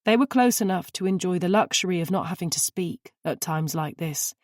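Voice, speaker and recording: In clean studio sound with no room tone, a woman with a fairly low voice narrates a crime novel as an audiobook. Her scripted storytelling stays measured and even.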